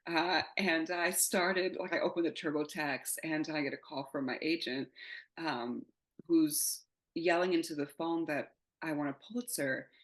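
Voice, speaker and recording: A woman's voice: low-pitched, unhurried, low-quality recording. A woman in her thirties, a playwright giving an interview in candid, rambling casual chat, often laughing and swearing. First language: not English. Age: 30s. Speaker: playwright guest.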